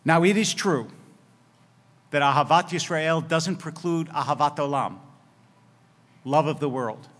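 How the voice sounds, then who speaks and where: Male rabbi, high-pitched, preaching with wry humor and dramatic quoted lines, recorded in a hall with long reverb. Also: unhurried, long pauses, a bit bright. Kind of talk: sermon.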